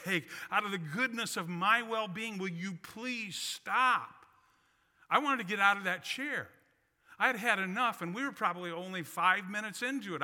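A male pastor with a fairly high, very bright and cutting voice delivers a sermon built around a personal story. He tells it with folksy, self-deprecating humor. His words ring out with a long reverb from a church sanctuary. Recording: long reverb of a large hall.

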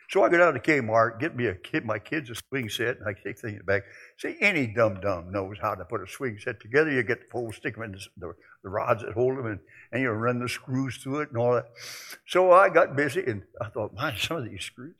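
Older husky-voiced male preacher. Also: medium pitch. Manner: swings from soft musing to loud exclaiming; folksy storytelling. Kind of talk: sermon.

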